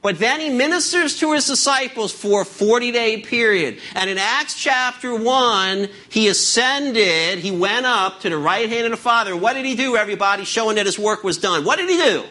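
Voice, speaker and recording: A man delivers a sermon in a high, forceful voice. He slows down to lean on each scripture phrase and keeps turning to the congregation with rhetorical questions. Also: animated. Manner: emphatic, drawn-out scripture reading. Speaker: preacher.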